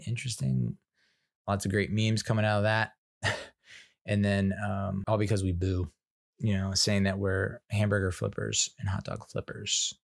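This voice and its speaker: A man in his forties hosting a fan podcast, giving casual commentary in a halting, wry way with many fillers. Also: deep voice, steady tone, gravelly, no echo, studio quality. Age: 40s. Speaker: podcast host and sports fan.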